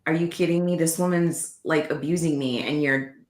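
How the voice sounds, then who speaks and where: A woman guest recounting her own life story in conversation, earnest and animated, often acting out what people said to her. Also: low-pitched, moderate pace, reverberant. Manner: earnest, animated retelling with quoted dialogue.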